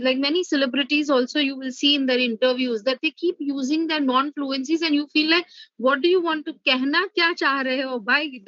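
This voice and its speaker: A woman's voice: high-pitched, sharp tone, dry recording, lo-fi sound. A woman professor giving an online revision lecture, explaining step by step with the odd "uh" and "okay".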